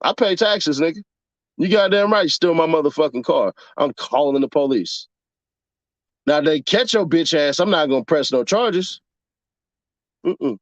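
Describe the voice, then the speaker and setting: A man's voice: on the high side, animated, a little slow, pauses often, no echo, lo-fi sound. A man in a casual, profane commentary rant, mocking his audience with rhetorical questions. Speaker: commentary vlogger.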